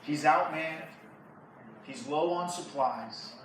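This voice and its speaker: A man, a youth pastor, retelling a Bible story in a lively, slangy way to a church group. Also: a little high, slow. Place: church hall. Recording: echoey hall from far off, faint noise.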